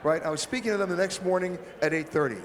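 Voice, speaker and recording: Man, high-pitched, wry storyteller on a panel, echoey expo hall, faint hum behind. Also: fast. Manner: wry, anecdotal, punchy delivery. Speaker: travel expert panelist.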